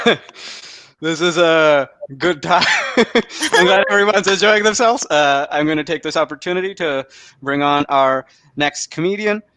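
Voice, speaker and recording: A man's voice: fairly high pitch, a little slow, sharp tone, dry recording. A young man from Canada hosting a stand-up comedy show over a video call, rambling and self-deprecating, often laughing at his own jokes.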